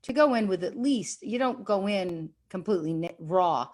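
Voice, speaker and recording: Sixties woman guest, candid and lively, telling stories on a video call. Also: medium pitch. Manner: candid, animated storytelling with quick asides. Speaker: guest actress. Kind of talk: casual interview chat.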